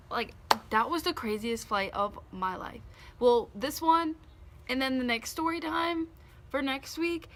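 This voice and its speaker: A woman's voice: fairly high pitch, vocal fry, pushed and bright, a little hiss or hum. A young woman telling a story to her vlog viewers in a chatty, casual way, full of "like" and "okay". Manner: chatty, says "like" and "okay" a lot. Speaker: vlogger.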